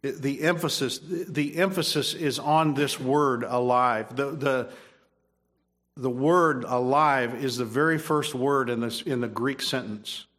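A man's voice: mid-range voice, unhurried, fairly bright tone. A man preaching a sermon, emphatic, repeating phrases and restarting his sentences. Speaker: pastor.

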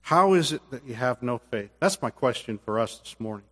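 A man preaching a sermon as pastor, earnest, swinging from loud bursts to hushed quiet, then leading a closing prayer. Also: medium pitch, expressive, a little fast, big-room sound.

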